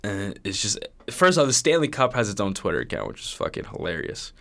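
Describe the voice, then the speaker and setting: A young man from Canada co-hosting a podcast in casual chat, crude and animated, swearing often. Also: fairly low pitch, a little fast, gravelly. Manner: crude, animated, swears a lot, does impressions. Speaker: podcast co-host.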